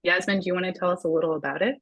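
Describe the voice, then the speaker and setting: A woman's voice: fairly low pitch, fairly even intonation, very fast, vocal fry, a bit bright, no echo, poor audio. A woman on a museum's staff presenting a public talk, speaking directly to the audience in a friendly, conversational way.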